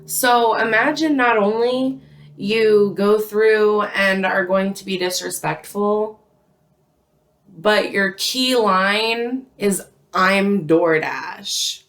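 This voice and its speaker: Here a young woman's voice sits at medium pitch with a bit of brightness as she tells a laid-back storytime about her job. She rambles chattily at an easy pace, saying "like" often.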